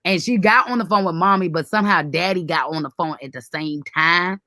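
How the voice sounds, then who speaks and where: Animated woman telling a family story. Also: on the low side, a little fast. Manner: animated, acts out quoted voices, laughs often. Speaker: host. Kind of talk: casual storytelling chat.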